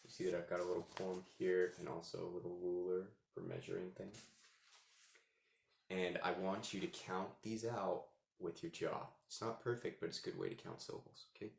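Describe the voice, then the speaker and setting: A deep-voiced man teaches poetry in a relaxed video lesson. He counts syllables aloud and reads verse slowly. His voice rings in a roomy echo. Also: gravelly.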